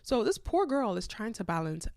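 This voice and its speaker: A young adult woman hosting a solo podcast, chatting in an animated way with lots of filler words. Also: on the high side, moderate pace, no room sound, studio quality. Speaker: podcast host. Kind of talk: casual solo podcast chat.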